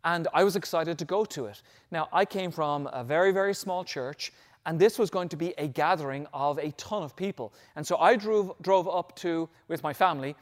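A middle-aged man preaching a sermon, telling a personal story earnestly, swelling louder on key phrases and dropping almost to a whisper. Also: a little high, moderate pace. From Ireland. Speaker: pastor.

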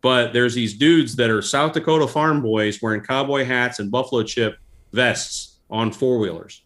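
A man telling stories in a casual interview, animated and laughing as he goes. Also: medium pitch, normal speed. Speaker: guest. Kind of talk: casual storytelling.

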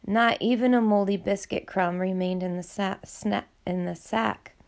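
A woman narrating a novel in a steady, measured reading. Her voice is gravelly and sits at a middle pitch. The delivery stays even and clear throughout. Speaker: audiobook narrator. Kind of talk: scripted narration.

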